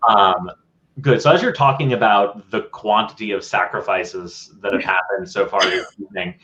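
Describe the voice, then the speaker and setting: A man's voice: on the low side, moderate pace, sharp tone. A man narrating as game master in a tabletop game, in a casual, rambling way. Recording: dull lo-fi audio.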